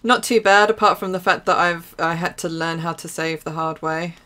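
A young woman with an Essex accent, chatting casually through live gameplay commentary with quick exclamations and frequent laughs. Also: lowish voice, fairly even intonation, bright, forceful tone. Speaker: streamer.

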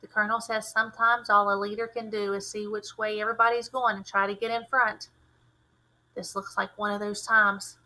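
A woman teacher reading a novel aloud with expressive, fluent narration. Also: medium pitch, moderate pace, low-quality recording.

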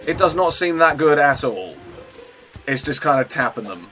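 A man's voice: on the high side, normal speed, faint music behind. Chatty man narrating gameplay. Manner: chatty, self-mocking, with sudden excited outbursts. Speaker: gaming channel host. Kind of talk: let's play gameplay commentary.

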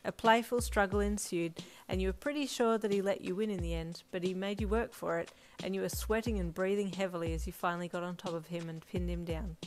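A woman reading a fanfiction story aloud as narrator, steady and storytelling. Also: fairly low pitch, fairly quick, hardly any pauses, a little hiss or hum. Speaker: fanfiction reader. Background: faint lo-fi drum music.

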